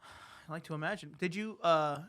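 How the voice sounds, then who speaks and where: A man's voice: a little high, moderate pace, pushed and bright. A young man co-hosting a podcast in casual chat, teasing and laughing often. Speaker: podcast co-host.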